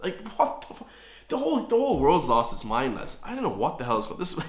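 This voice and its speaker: A man's voice: a little high, wildly swooping pitch, quick pace. A man with an Irish accent hosting a reaction commentary, ranting heatedly with profanity and sarcasm. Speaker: commentary channel host. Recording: roomy echo.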